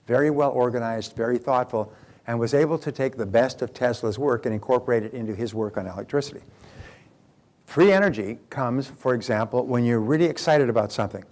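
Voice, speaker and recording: Guy giving a motivational speech, chatty and storytelling, medium pitch. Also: a little mellow. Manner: conversational, anecdotal, addresses the audience directly. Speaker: motivational speaker.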